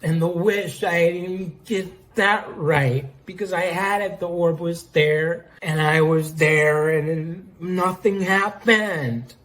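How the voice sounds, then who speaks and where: A man's voice: fairly high pitch, fairly bright tone, voice pushed up. A man voicing a drunk, sleepy female pirate captain who slurs and trips over her words. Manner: slurred, slow, tripping over words.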